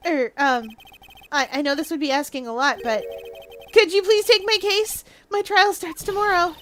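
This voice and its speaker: A woman's voice: very high-pitched, fairly even intonation, moderate pace, a bit bright, a little hiss or hum, voice pushed up. A woman voicing a timid, nervous young man who stammers as he pleads for help. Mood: pleading. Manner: stammering, meek.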